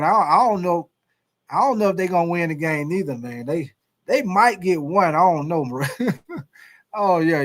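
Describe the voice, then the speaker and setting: A man's voice: on the high side, fairly bright tone. A man hosting a casual sports live stream, reading viewer comments in a laid-back drawl and calling them y'all. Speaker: sports livestream host.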